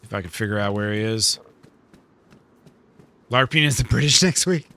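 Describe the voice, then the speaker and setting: A man's voice: lowish voice, moderate pace, vocal fry, bright, forceful tone. A man chatting casually while streaming a role-play game. He laughs often and pokes fun at himself. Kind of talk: casual chat while gaming.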